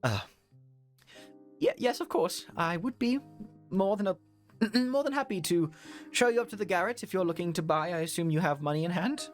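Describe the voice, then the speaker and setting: Guy playing a twitchy nervous artist dude, stammers a lot, kinda high. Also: expressive, normal speed, long pauses, faint music behind. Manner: stammering, hesitant. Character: skittish thin man in his thirties, nervous painter.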